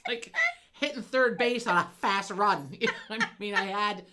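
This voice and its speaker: A middle-aged woman co-hosting a podcast, telling a story in casual chat, animated, swearing freely and laughing as she goes. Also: mid-range voice, moderate pace, heavy background noise. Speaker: podcast co-host.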